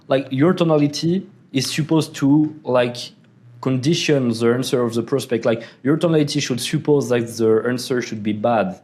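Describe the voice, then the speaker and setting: A man's voice: medium pitch, moderate pace, a little mellow. A young man with a French accent and French as his first language, chatting casually about sales and laughing through his stories. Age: young adult. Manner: non-native phrasing, laughs while telling stories. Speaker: sales closer. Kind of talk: casual podcast chat.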